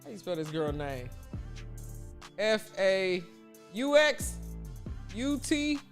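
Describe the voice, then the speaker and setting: A man's voice: high voice, sing-song, takes it slowly, soft background music. A man from Chicago hosting a casual sports livestream, chatty and answering his viewers' chat aloud. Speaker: livestream host.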